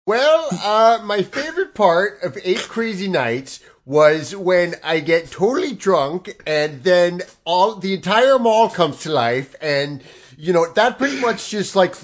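Man doing a high, dopey celebrity impression, rambling baby-talk drawl. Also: big pitch swings, measured pace. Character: impression of a famous comedy actor, goofy man.

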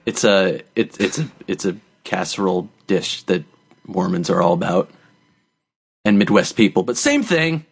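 Laid-back wry guy, lively pitch. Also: moderate pace, vocal fry, a little hiss or hum. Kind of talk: casual comedic chat.

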